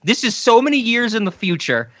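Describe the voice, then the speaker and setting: A man's voice: very high voice, very animated, brisk, sharp tone, dry recording. A man co-hosting a film podcast, chatting casually, often laughing and quoting scenes in mock voices. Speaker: podcast co-host.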